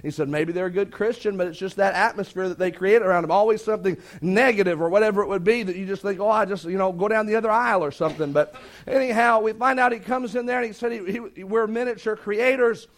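A man's voice: high voice, fast talker. A man preaching a sermon, telling a long anecdote in a folksy way and acting out the quoted dialogue. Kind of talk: sermon storytelling.

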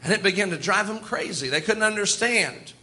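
High, bright-voiced man preaching. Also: expressive, brisk. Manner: folksy, storytelling, chuckles often. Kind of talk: sermon.

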